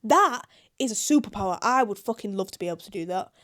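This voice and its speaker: A woman's voice: mid-range voice, expressive, fast talker, fairly bright tone. A young British woman reacting to online confessions in casual, blunt commentary, swearing freely. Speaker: YouTuber.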